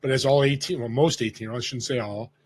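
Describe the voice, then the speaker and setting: A man's voice: mid-range voice, a little fast, breathy edge. A man in his fifties from Northern California, a podcast guest telling a story and acting out the voices of people he quotes. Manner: animated storyteller who acts out quoted voices. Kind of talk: casual storytelling interview.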